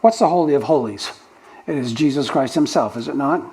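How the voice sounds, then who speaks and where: A man's voice: medium pitch, brisk, a little mellow, rough recording. A male pastor preaching a teaching sermon, explaining the original words of the text, with frequent restarts. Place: church sanctuary.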